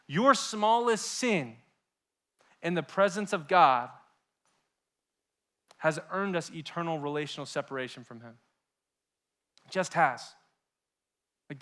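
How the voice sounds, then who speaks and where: A young man preaching to a youth group in a bright, high voice. He swings from loud, urgent calls to hushed, close moments and voices his listeners' doubts aloud. The tone is passionate and sermon-like throughout. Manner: acts out listeners' inner voices. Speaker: youth pastor.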